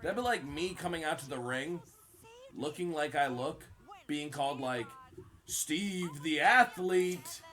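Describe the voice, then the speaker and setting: A man's voice: fairly high pitch, moderate pace, a bit bright. A man hosting a casual chat over a wrestling video, crude and heckling in a joking way. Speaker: podcast host.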